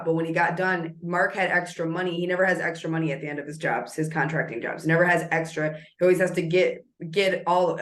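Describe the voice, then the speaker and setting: Low-voiced woman in an echoey room. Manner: animated, acts out quotes. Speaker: co-host. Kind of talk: casual storytelling.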